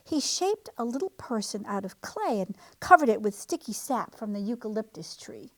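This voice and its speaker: Storytime reader, woman, expressive read-aloud, lively up and down voice. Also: on the high side, normal speed, few pauses. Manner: expressive, animated. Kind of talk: reading a picture book aloud.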